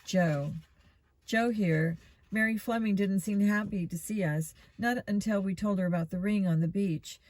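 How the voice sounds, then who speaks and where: A woman reading a children's mystery book aloud in a steady storytelling manner. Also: medium pitch, moderate pace. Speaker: reader.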